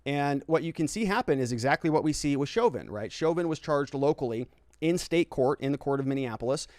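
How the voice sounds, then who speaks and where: A man's voice: mid-range voice, a little mellow, dry recording, clean studio sound. A man hosting a casual legal commentary livestream, reading viewer comments aloud and answering them in a conversational way, often tagging his points with "right?" and restarting his phrases. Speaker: lawyer and legal commentary host.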